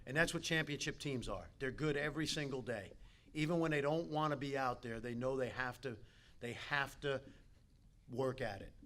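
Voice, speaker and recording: Animated New man giving a speech. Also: medium pitch, fairly quick, slight background noise. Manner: animated storyteller, talks straight to the players. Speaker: keynote speaker. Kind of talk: motivational dinner speech. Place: banquet hall.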